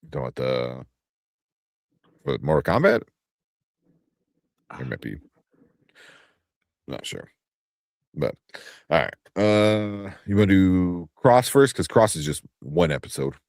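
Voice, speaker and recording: A very deep-voiced man hosts a laid-back podcast chat, sounding sleepy and a little groggy. He rambles and restarts his sentences often. The sound is dry and close to the mic. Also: sing-song, slow, long pauses, a little mellow, no room sound. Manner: loose, rambling, with many restarts. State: sleepy, yawning. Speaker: podcast host. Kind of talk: casual chat.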